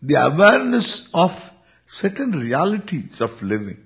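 A man with an Indian accent, a spiritual teacher giving an unhurried Vedanta discourse, chuckling often as he speaks. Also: on the high side. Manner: unhurried, chuckling, lively intonation. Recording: dull lo-fi recording.

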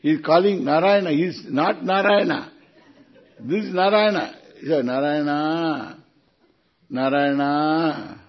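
A man with an Indian English accent giving an unhurried, chuckling lecture on scripture, chanting Sanskrit verses. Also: high-pitched, slightly rough, highs cut off. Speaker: spiritual teacher.

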